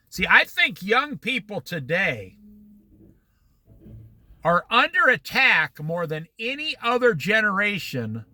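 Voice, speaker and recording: A man's voice: sits high, bright, forceful tone, dry recording. A man talking casually to camera outdoors near the shore, a chatty storyteller who drifts into moralizing asides. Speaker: vlogger. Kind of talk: casual vlog monologue.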